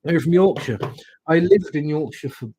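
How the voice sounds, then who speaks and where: English male tarot reader, husky, dry room, rambling livestream chat. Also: fairly high pitch, animated, dark tone, no room sound, low-quality recording. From England. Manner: musing, slow and rambling, chatty asides.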